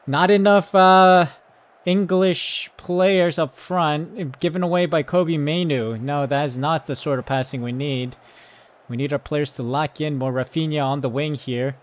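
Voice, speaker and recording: A man giving excited live commentary on his football management game, yelling at his players, then calmly talking through tactics. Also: fairly high pitch. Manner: excitable, shouts at the team, then calm tactical talk. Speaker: gaming YouTuber.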